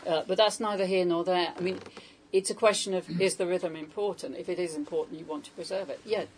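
A woman's voice: on the low side, fairly even intonation, quick pace, rough recording. Woman, poetry translator, informal talk, hesitant, questions to audience, faint background noise. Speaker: poetry translator leading a salon. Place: room with a small live audience.

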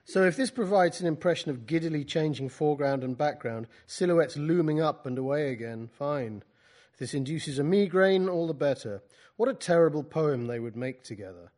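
A man's voice: fairly high pitch, expressive, normal speed, a little mellow. A man from Britain, an author, gives an informal talk to writers, reading from his book and speaking hesitantly and wryly. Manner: hesitant, many fillers and restarts, wry.

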